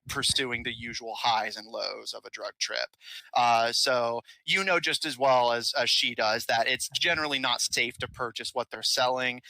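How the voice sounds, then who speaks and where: A man's voice: medium pitch, bright, forceful tone, no room sound, low-quality recording. A man running a tabletop game as game master, narrating in a rambling way with many fillers.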